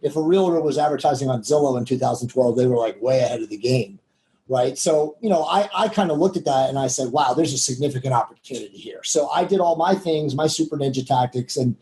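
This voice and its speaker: A man's voice: medium pitch, fast talker, mellow, low-quality recording. A man, a guest entrepreneur, speaking candidly in a rambling way with many fillers about his life. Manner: rambling, heavy with "you know" fillers; candid and self-reflective. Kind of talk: casual interview storytelling.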